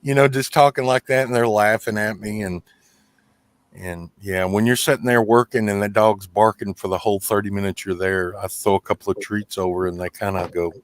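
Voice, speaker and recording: A man's voice: lowish voice, fairly even intonation, brisk, no room sound. A man in casual chat, talking in a folksy, rambling way with many restarts and fillers. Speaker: guest, gas company worker.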